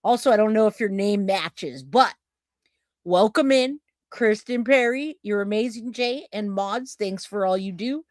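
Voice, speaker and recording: A woman's voice: mid-range voice, measured pace, no echo, studio quality. A woman hosting a casual live stream, chatting and rambling as she greets viewers by name. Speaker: livestream host.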